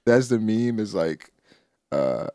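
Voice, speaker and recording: Speaking at a slow pace, a man co-hosting a podcast chats casually about a comic chapter, and the studio sound is clean with no echo. He gets animated, performing characters' dialogue with big swings in pitch.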